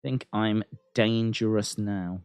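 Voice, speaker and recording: A man's voice: lowish voice, steady tone, slow pace, darkish tone, smooth, no room sound. A man reacting live to a wrestling show, repeating lines and laughing at his own jokes.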